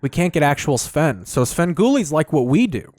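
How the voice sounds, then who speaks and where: A man's voice: fairly high pitch, big pitch swings, moderate pace, darkish tone, no echo, clean studio sound. A man hosting a podcast in loose, jokey casual chat, swearing freely. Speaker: podcast host.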